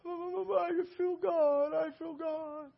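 A man's voice: extremely high pitch, steady tone, very slow, gravelly, muffled recording, voice pushed up, heavily acted. A man acting out an overwhelmed woman who cries out breathlessly as she shakes in prayer.

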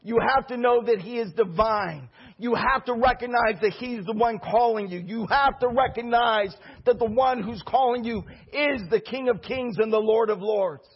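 A man's voice: very high voice, normal speed, few pauses, slightly rough, lo-fi sound. A male pastor preaching a sermon with fervor and repeating key phrases for emphasis.

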